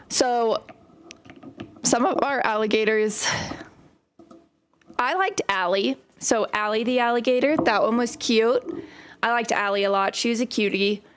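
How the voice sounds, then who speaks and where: A woman's voice: on the high side, a little slow, long pauses, a little hiss or hum. A young woman chatting casually and telling stories while she plays a game on stream. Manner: chatty, storytelling while playing. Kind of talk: casual gaming stream chat.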